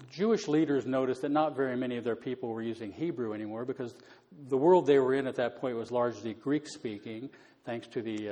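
A man explaining Bible passages in a relaxed, conversational teaching style, with many fillers. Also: mid-range voice, long reverb tail. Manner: conversational, many fillers, paraphrases scripture casually.

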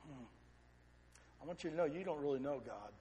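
A man preaching a sermon, retelling a story with lively repetition and questions to the congregation. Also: on the high side, brisk, slight background noise.

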